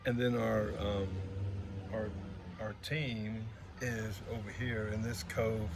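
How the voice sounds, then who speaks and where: Male pastor, casual vlog, lowish pitch, hesitant and filler-heavy, recorded outside with soft waves and traffic behind. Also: level tone, vocal fry. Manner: halting, many fillers and restarts. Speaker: preacher. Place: outdoors under a gazebo by the sea. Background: faint outdoor ambience of waves, voices and traffic.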